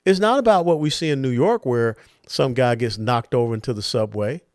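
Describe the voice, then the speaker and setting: A man's voice: medium pitch, fairly quick, darkish tone, no echo, clean studio sound. A man delivering a political monologue as host, emphatic and punchy, leaning hard on stressed words. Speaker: political commentator hosting a monologue.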